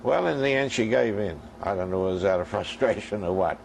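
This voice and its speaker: A man's voice: fairly low pitch, lively intonation, a little fast, vocal fry, slight background noise, rough recording. An older man preaching a sermon as a minister, telling stories and acting out their dialogue for his congregation.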